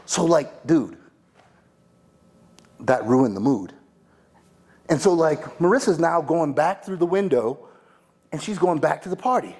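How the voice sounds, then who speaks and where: A man's voice: a little high, animated, unhurried, pauses often, darkish tone, breathy edge, heavily acted. A man playing a rambling young party dude. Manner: rambling, full of "like" and "dude" fillers, restarts. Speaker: attorney in a monologue workshop. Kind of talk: performed dramatic monologue.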